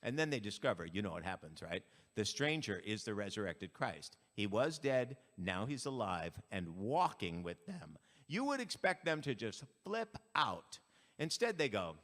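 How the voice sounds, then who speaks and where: A man fronting a band, bantering with a church concert audience in a playful deadpan way. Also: lowish voice. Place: church sanctuary. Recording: live in a church hall, reverberant, with instruments.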